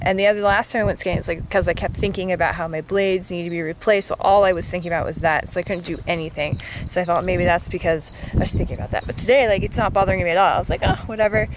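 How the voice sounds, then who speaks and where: A woman's voice: lowish voice, fast talker, few pauses, noisy background. Chatty woman vlogger, filler-heavy. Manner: frustrated, venting. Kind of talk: casual vlog chat.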